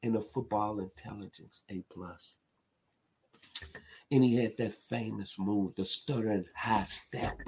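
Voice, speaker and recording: A man from Memphis delivers an emphatic sports commentary monologue. His voice is husky and sits a little low. He hammers his points home with rising intensity. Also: steady tone, measured pace, darkish tone. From Memphis, Tennessee. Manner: emphatic, builds to impassioned outbursts.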